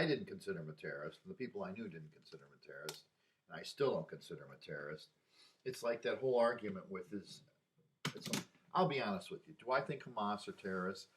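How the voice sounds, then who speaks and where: A man in his sixties talking through personal memories in a rambling, halting way, with sighs and restarts. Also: low-pitched, fairly bright tone. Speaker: vlogger. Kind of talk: casual personal monologue.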